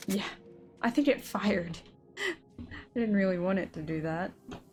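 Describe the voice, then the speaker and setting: A woman's voice: mid-range voice, a little slow, darkish tone, faint music behind. A young woman hosting a let's play from home at a desk mic, chatty and exasperated with her computer. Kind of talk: casual gameplay commentary. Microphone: desk microphone.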